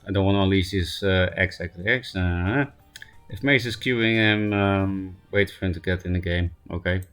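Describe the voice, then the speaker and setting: A man with a very low voice talks through a card game on stream, self-deprecating and wandering in thought. His voice is hoarse from laughing, and he keeps clearing his throat. Quiet music plays faintly behind him. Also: normal speed. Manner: self-mocking, thinking aloud, frequent throat clearing. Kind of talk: casual gameplay commentary.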